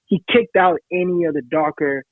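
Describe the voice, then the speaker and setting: Podcast co-host, dry tinny phone-like sound, fairly high voice for a man. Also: moderate pace, no room sound. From Haiti. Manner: self-assured, explains at length. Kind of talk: casual podcast chat.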